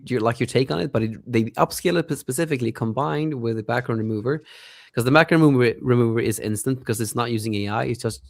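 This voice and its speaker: A young man chatting on a podcast who rambles excitedly, laughs often and keeps losing track of names. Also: fairly low pitch, no room sound. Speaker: podcast co-host, app developer. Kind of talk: casual podcast chat.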